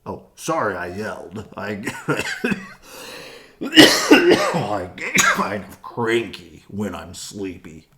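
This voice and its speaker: A woman voicing a cranky, sleepy nocturnal bat in a storybook, with a gruff, grumbly voice. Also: very deep voice, wildly swooping pitch, drawn-out words, pauses often, crowd noise, full character voice. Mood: sheepish.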